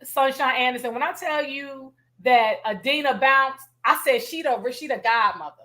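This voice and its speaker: A woman hosting an interview show, chatting casually and eagerly, with slangy phrasing and lively storytelling. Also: high-pitched, normal speed. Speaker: host. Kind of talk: casual chat.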